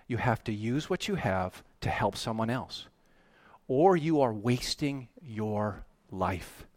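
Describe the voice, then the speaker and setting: A man preaching a sermon, animated and emphatic, often rising to loud, excited peaks. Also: fairly low pitch, slow, no room sound. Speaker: pastor.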